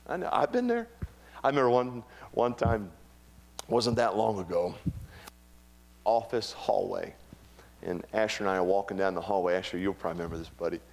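A middle-aged man preaching a sermon, animated and humorous, with acted-out quotes. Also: medium pitch, fairly quick. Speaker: pastor.

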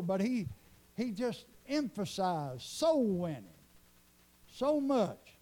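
A man's voice: high-pitched, big pitch swings, slow pace, dark tone. A man preaching a revival sermon, telling a story fervently and repeating himself as his voice surges up. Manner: fervent, repetitive storytelling with sudden rises.

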